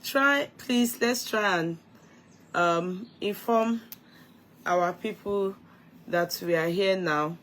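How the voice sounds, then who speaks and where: A woman hosting a casual live stream, chatting warmly with viewers and laughing as she stumbles over their names. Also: medium pitch, takes it slowly, pauses often. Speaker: livestream host greeting viewers.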